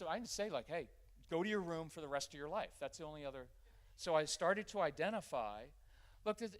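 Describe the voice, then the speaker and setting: A middle-aged man giving a live workshop talk in a church, energetic and conversational. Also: on the high side. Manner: energetic and conversational, acting out quick family scenes. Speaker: parenting workshop speaker. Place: church gathering with a live audience.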